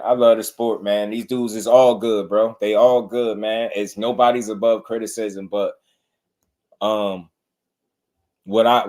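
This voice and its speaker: Speaking with a lowish voice, a man hosts a casual boxing livestream, laid-back and slangy, greeting chat viewers by name.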